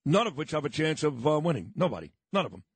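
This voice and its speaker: Husky, combative talk radio host. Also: male voice, a little high, big pitch swings, fast, no echo. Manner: fired-up, blunt and combative. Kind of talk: talk radio monologue and interview. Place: radio studio. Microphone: studio microphone.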